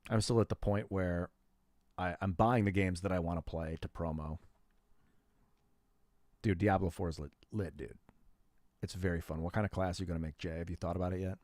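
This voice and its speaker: A man's voice: sits low, steady tone, brisk, pauses often, darkish tone, no echo, clean studio sound. A man in his thirties chatting casually on a gaming livestream, rambling and slangy as he talks to viewers. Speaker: gaming streamer.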